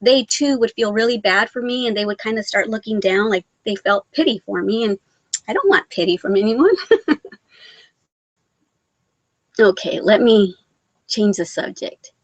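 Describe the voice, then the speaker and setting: A woman's voice: mid-range voice, expressive, moderate pace, pauses often, no room sound, lo-fi sound. Woman vlogger, Mexican-born, mid-range voice, rambling and sentimental, dry close recording. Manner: rambling, sentimental, self-deprecating. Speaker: vlogger reading viewer comments. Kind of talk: casual live-stream chat.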